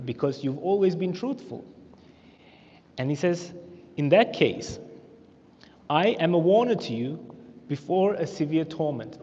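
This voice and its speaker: An Australian man teaching a religious history class in a mosque, telling the story with animated, acted-out quotes. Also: a little high. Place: mosque hall. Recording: echoey hall, muffled lo-fi sound.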